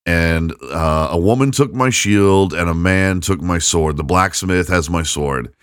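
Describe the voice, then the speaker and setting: An anxious young man locked in a cage stammers out a plea for help, as a storyteller voices him. The voice stays low and close, with a dry sound. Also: a little slow, smooth, no echo. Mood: pleading. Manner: stammering, pleading.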